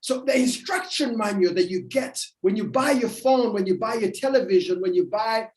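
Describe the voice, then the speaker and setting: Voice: medium pitch, moderate pace, hardly any pauses, a little mellow. A motivational speaker giving a livestream talk, emphatic and repetitive in a preacherly way. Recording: roomy echo.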